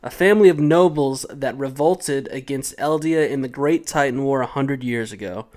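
A man's voice: mid-range voice, darkish tone. Joking man co-hosting a podcast. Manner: reads notes aloud, teasing and joking. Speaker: podcast co-host. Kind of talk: casual chat.

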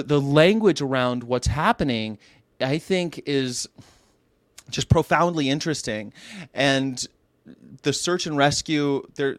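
Recorded dry, a Californian man with a smooth mid-range voice hosts a podcast. His talk wanders loosely, and he keeps interrupting himself and restarting.

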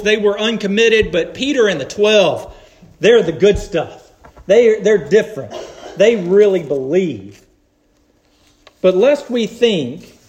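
A man with a fairly high voice delivers a sermon at a slow, deliberate pace. He speaks earnestly and in measured phrases. He leans on emphatic pauses to drive each point home. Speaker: preacher.

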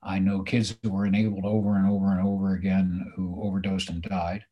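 Husky man, low voice, earnest measured storytelling. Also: little pitch movement, dark tone. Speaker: guest in recovery. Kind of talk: recovery conversation.

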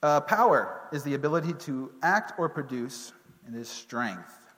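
A man giving a casual Bible lesson to a group, relaxed and joking, with many fillers and restarts. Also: medium pitch, a little slow, in a large hall. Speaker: teacher.

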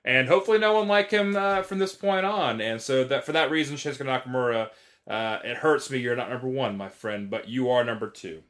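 A man co-hosting a casual wrestling podcast, chatting with quick, joking interjections. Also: mid-range voice, fairly bright tone. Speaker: podcast co-host.

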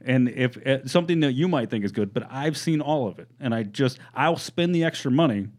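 A man's voice: medium pitch, lively intonation, brisk, darkish tone. A young man from Florida, a comedian guest, talking bluntly and profanely in casual chat. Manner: blunt, profane, laughs often.

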